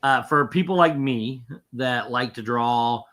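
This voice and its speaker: A man talking in a relaxed podcast chat, at an ordinary middle pitch. He rambles, circles back and fills gaps with "um" and false starts. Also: unhurried. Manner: rambling, frequent fillers and restarts. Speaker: podcast co-host. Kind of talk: casual chat.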